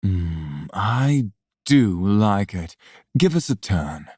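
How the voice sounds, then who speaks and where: A woman voicing a smug, menacing man who speaks straight into others' minds, in a slow, low, teasing drawl, with a dry sound close to the mic. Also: sing-song, a little mellow, breathy edge, dry recording, full character voice.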